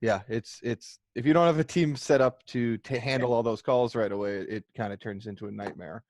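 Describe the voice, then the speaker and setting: A man co-hosting, chiming in casually with a relaxed aside. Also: mid-range voice, a little fast, dry recording, studio quality. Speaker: co-host real estate investor. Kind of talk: casual chat.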